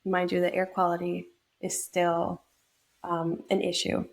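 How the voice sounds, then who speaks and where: A woman's voice: fairly low pitch, monotone, a little slow. A young woman from New York state, a podcast guest telling a personal story in a reflective way, with many fillers and restarts. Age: young adult.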